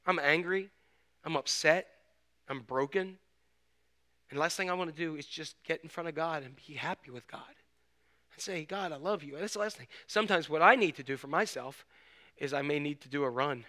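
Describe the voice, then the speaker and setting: A middle-aged male pastor preaching a sermon in an animated, conversational way, swinging from loud emphasis to hushed asides and asking rhetorical questions. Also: on the high side.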